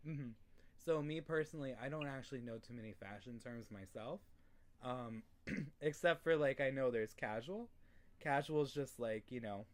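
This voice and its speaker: A young man from New York State tutoring English in a casual lesson, relaxed, with many fillers and throat clearing. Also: medium pitch, moderate pace. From New York State, USA.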